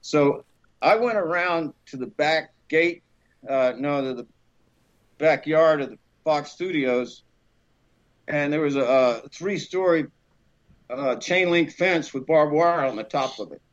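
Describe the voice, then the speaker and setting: Animated storytelling man, slightly high. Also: slow pace. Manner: animated, acts out the women he quotes in a raised voice. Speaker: actor telling a career story. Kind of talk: casual podcast storytelling. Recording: slightly dull lo-fi sound.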